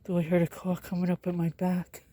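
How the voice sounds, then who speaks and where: A man narrates his walk down a country road into the phone he's holding, short of breath from the exercise. His voice sits high and stays level, with little rise and fall. He mutters quick, offhand comments about what he passes. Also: completely flat delivery, dark tone. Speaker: vlogger. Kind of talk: casual walking vlog narration. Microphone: phone held while walking.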